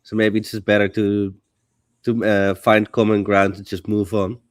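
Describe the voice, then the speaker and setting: A man calling in to a livestream, explaining his view in a measured way. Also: lowish voice, flat delivery. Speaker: caller. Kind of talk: call-in chat.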